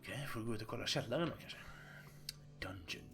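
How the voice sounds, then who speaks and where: Gravelly game streamer. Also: male voice, medium pitch, rapid-fire, over music. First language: Swedish. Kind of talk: reading game text aloud on a live stream.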